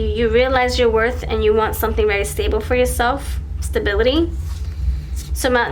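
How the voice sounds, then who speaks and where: This tarot reader has a fairly high-pitched voice and does a pick-a-card reading for viewers, with slight background noise. She thinks aloud while pulling cards, often stopping and restarting her sentences, and acts out imagined dialogue between partners.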